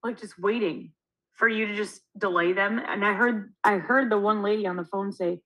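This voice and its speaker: Animated young woman telling a story. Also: mid-range voice, moderate pace, poor audio. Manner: animated, acts out quotes, swears. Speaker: podcast co-host. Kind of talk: casual storytelling chat.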